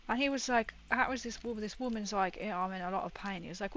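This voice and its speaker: A woman's voice: fairly high pitch, fairly even intonation, quick pace, few pauses, fairly bright tone. A woman chatting casually and rambling, laughing often as she builds a model kit on a livestream. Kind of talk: casual chat while building. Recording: dull lo-fi stream audio.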